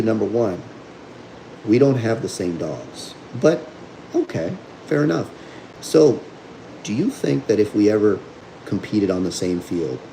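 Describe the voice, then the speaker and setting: A man's voice: on the low side, mellow, a little hiss or hum, low-quality recording. A man hosting a livestream as a dog trainer, talking bluntly and combatively while reading viewer comments.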